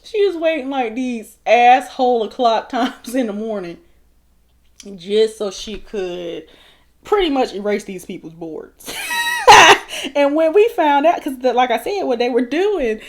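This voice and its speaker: A woman's voice: fairly high pitch, expressive, a little slow, a little mellow. A woman in her thirties telling a storytime while doing her makeup, chatty and laughing often. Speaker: vlogger.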